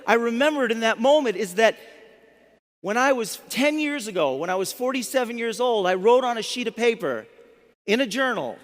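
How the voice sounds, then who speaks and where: A man in his fifties, a motivational speaker, telling a story to a live audience in an animated way, often restarting his words. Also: very high-pitched, moderate pace. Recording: long hall reverb.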